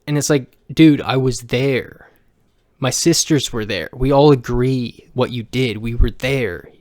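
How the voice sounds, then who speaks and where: A man's voice: medium pitch, unhurried, a little mellow, no room sound, clean studio sound. A man venting emotionally to camera in a personal vlog rant, blunt and profane, rambling with restarts. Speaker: vlogger.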